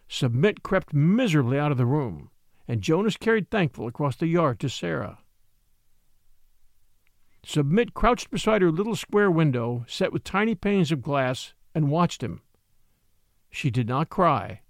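Man reading a classic story aloud, lively up and down voice, dry close sound. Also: fairly high pitch, unhurried, dry recording. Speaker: narrator and podcast host.

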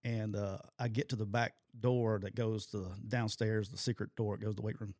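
A man's voice: fairly low pitch, brisk, no room sound, clean studio sound. A middle-aged man and former football coach telling stories in casual sports talk, laughing often and acting out what others said in raised voices. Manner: animated storytelling, quoting people in raised voices, laughs often.

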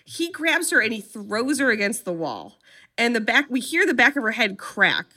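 Bright sarcastic woman recapping a film. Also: fairly high pitch, moderate pace. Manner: lively storytelling, acts out quotes, sarcastic asides. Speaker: podcast co-host recapping a film. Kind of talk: animated comedic film recap.

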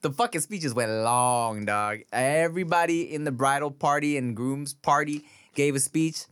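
A man co-hosting a podcast, chatting casually and swearing in a relaxed way. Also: medium pitch, moderate pace, clean tone, dry recording, studio quality. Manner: laid-back, swears casually, lots of listening backchannel. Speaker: podcast co-host. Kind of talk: casual chat.

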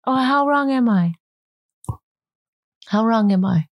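A woman voicing a menacing, tattooed ex-con man with a lowered, mock-threatening delivery. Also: lively intonation, takes it slowly, no echo, highs cut off.

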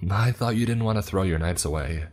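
A man voicing a chatty, carefree young woman roommate in a spoken story, asking lively teasing questions. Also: low-pitched, a little fast, soft background music, voice pushed up, natural voice.

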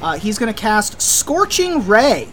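A game master narrating a tabletop game in a relaxed, chatty way with frequent fillers. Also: medium pitch, unhurried, faint music behind.

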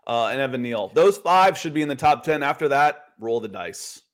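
A man co-hosting a casual sports podcast, chatty and animated, often repeating words as he talks. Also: medium pitch, moderate pace. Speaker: podcast co-host.

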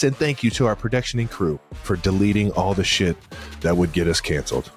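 A man with a lowish voice co-hosting a casual sports podcast. He talks in a loose, profane way and reads the sign-off and sponsor lines offhandedly. Faint music plays underneath. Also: fairly quick. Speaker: podcast co-host.

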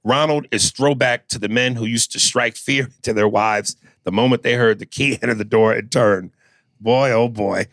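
A man hosting a comedy podcast reads a listener letter aloud. He stops for irreverent, mock-serious asides along the way. His voice sits at a middling pitch, and the recording is dry and close with no room sound. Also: normal speed, fairly bright tone, dry recording. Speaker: podcast host.

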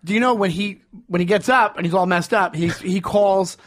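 A young man co-hosting a podcast in casual chat, animated, with lots of fillers and frequent laughter. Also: high-pitched, moderate pace. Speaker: podcast co-host.

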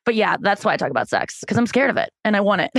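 A woman's voice: medium pitch, gravelly, dry recording. A woman comedian talking as an interview guest, candid and rambling, with many fillers and restarts.

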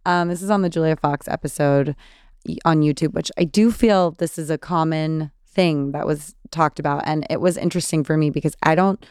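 A woman in her thirties with a Californian accent and vocal fry, chatting casually as a podcast host answering listener questions. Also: deep voice, moderate pace, a little mellow, dry recording, studio quality. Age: 30s. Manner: chatty, many fillers and restarts. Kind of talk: casual solo Q&A.

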